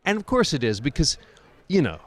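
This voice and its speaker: A man's voice: a little high, very animated, fairly quick. A man being interviewed as an actor, chatting casually and rambling a bit, joking about himself. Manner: rambling, chatty, self-deprecating. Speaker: actor guest. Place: convention.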